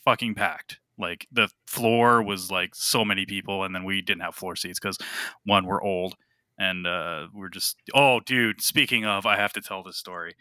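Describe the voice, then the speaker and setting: Animated, bright-voiced man telling a story. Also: sits low, normal speed, no room sound, clean studio sound. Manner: animated storyteller, swears casually, laughs at himself. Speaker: podcast panelist. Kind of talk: casual storytelling chat.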